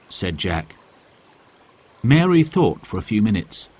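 A man narrating a children's story aloud, in a slow, clear and measured way. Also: no room sound. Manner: slow and clear, with a lively pitch.

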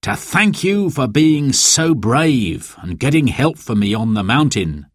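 A man voicing a kindly, tired father who sighs gently, in a storybook reading. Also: mid-range voice, sing-song, measured pace, no echo. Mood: gentle. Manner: gentle, sighing.

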